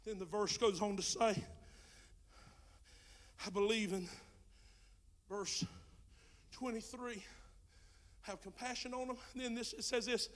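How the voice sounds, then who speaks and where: A male pastor preaching a sermon with passion, dropping to a hush and then rising to shouts, in folksy Southern speech. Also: high-pitched, fairly even intonation, slow, long pauses. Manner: impassioned preaching, swinging from hushed to shouting. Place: church sanctuary.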